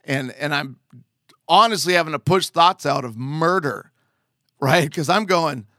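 A man's voice: on the high side, unhurried, bright, forceful tone, no echo, clean studio sound. A man earnestly telling a personal testimony as a father, conversational with emphatic asides.

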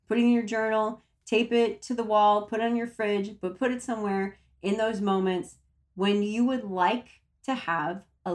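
A woman speaking casually to her viewers, giving self-help advice in a chatty way and repeating words for emphasis. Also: medium pitch.

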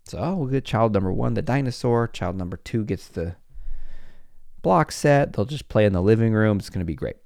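A man's voice: on the low side, normal speed, creaky, no room sound, studio quality. A middle-aged man, a psychologist, telling stories in a podcast monologue, acting out scenes and laughing often. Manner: animated storytelling, acts out scenes, laughs often.

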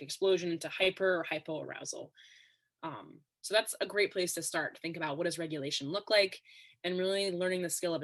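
A woman guest on a podcast interview, explaining ideas in a steady, instructive way. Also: low-pitched. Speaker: expert guest.

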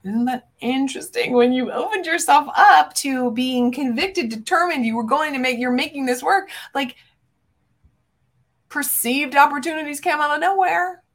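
A woman with a high voice speaks at a normal speed. She's a podcast host and business coach delivering emphatic, fervent motivational talk, with punchy declarations and big swings in loudness. She addresses her listeners directly, as friends.

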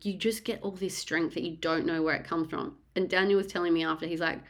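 In a candid, casual conversation, a woman recounts her own birth story, speaking frankly and with animation and swearing freely. Her voice is slightly low, her intonation fairly even, and her pace brisk.

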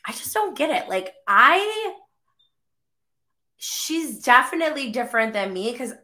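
A woman's voice: mid-range voice, pushed and bright. A woman in her thirties hosting a podcast, chatting casually and rambling with lots of fillers, coughing while getting over the flu. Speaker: podcast host and mother. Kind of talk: casual chat.

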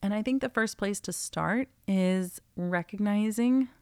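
A woman's voice: mid-range voice, measured pace, a little mellow, smooth, no echo. A woman hosting a podcast in a casual, earnest and encouraging way, her voice close to giving out. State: nearly losing her voice. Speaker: podcast host.

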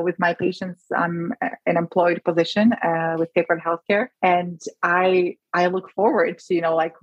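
A woman physician talks with earnest emotion in a podcast interview, often restarting her sentences. Her voice sits a little low and has a husky edge. The sound is dry and close. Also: no room sound, dull audio. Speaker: physician guest.

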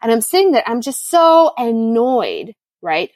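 A middle-aged woman talking through a casual interview in a slightly high voice. She tells her stories with energy and acts out her own reactions. The sound is close and dry. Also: big pitch swings, measured pace, a little mellow, no room sound. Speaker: podcast guest, business coach. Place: home in Costa Rica during rainy season.

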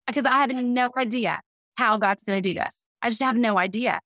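A woman's voice: a little high, a little fast, a bit bright, no room sound. A middle-aged woman, a podcast guest, telling a personal story earnestly and with feeling, laughing now and then. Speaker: podcast guest, business leader.

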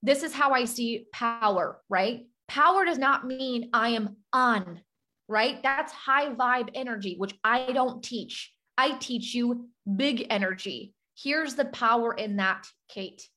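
Woman, motivational host, higher voice, unhurried, emphatic questioning delivery. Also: pushed and bright. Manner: emphatic, rhetorical questions, acts out inner voices. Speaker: podcast host and business coach. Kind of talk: motivational coaching talk to live viewers.

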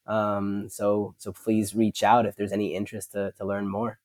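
A man speaking as a podcast guest, talking in a lively, rambling way and often restarting his sentences. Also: lowish voice, moderate pace, no room sound, clean studio sound. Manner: animated, rambling, self-interrupting. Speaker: podcast guest, company founder. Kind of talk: casual interview chat.

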